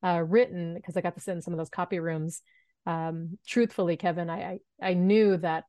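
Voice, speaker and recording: A woman in her thirties telling a story as a podcast guest, animated and acting out the voices she quotes. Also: fairly low pitch, a little fast, no echo, studio quality. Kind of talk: storytelling in an interview.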